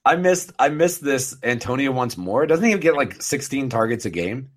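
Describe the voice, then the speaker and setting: A man hosting a casual sports podcast, steering the discussion and tossing in quick sarcastic asides. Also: mid-range voice, very animated. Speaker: podcast host.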